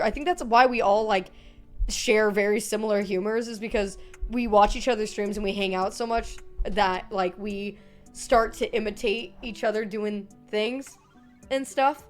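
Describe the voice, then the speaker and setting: A young woman streaming from her room at home, chatting casually with viewers, reading chat aloud and joking between giggles. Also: mid-range voice.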